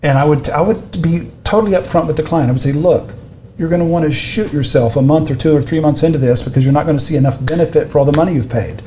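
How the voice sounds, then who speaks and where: Brief: older male expert, slightly high voice, mellow tone, emphatic step-by-step explainer. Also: quick pace, slight background noise. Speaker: advertising expert guest. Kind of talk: conversational teaching.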